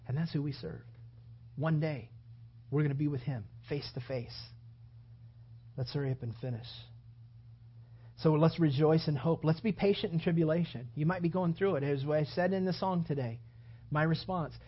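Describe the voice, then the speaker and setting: Pastor guy preaching, husky voice, kinda high, muffled lo-fi recording. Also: normal speed, long pauses. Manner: preaching with rising, emphatic bursts. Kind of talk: sermon. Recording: dull lo-fi sound.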